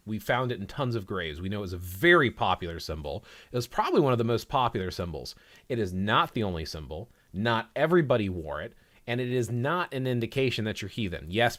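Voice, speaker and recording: A man's voice: mid-range voice, a bit bright. A man hosting a livestream discussion, talking in an opinionated, conversational way and teasing his guest. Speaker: livestream host.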